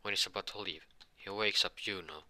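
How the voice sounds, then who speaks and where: A man retelling a fan story in a halting, casual way full of fillers and restarts. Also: low-pitched, bright, forceful tone.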